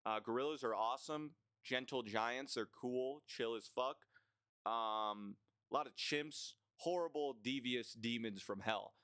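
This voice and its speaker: A young man rants his way through a list of gripes, blunt, sarcastic and quick to swear. His voice is smooth and resonant at a middle pitch. It is recorded close to the mic in a dry, dead room. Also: a bit bright, dry recording. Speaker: vlogger. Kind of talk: casual ranting list commentary.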